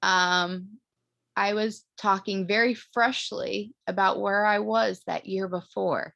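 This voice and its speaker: A woman's voice: medium pitch, steady tone, slow, creaky, a bit bright, no echo. A woman in her thirties leading her team on a motivational video call, talking earnestly with many fillers, her voice turning tearful. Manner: earnest, emotional, rambling with fillers. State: tearful, voice breaking. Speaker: team leader.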